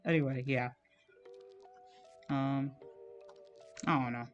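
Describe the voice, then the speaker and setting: Give me a man with a slightly high voice, rambling casually as he draws on stream, with soft music in the background. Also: normal speed, lo-fi sound. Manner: rambling, heavy use of "like", frequent swearing. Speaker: art streamer. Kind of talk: casual rambling talk while drawing.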